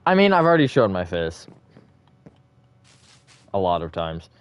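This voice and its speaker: Lively low-voiced man streaming live. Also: a little slow, clean tone, highs cut off. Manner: rambling, self-correcting, laughs often. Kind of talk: casual live-stream chat with viewers.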